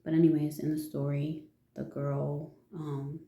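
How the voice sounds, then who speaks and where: A woman talks through a fairy tale in a slow, unhurried way, pausing to ask rhetorical questions and give her opinions. Her voice is low and gravelly, with a very dark, mellow tone. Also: level tone, roomy sound. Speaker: vlogger. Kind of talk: casual storytelling from notes.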